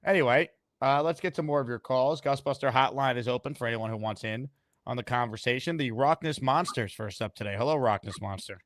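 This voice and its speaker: A man's voice: medium pitch, brisk, no room sound, clean studio sound. Laid-back male sports show host. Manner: laid-back, wry, reads out viewer messages. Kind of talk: casual sports talk show.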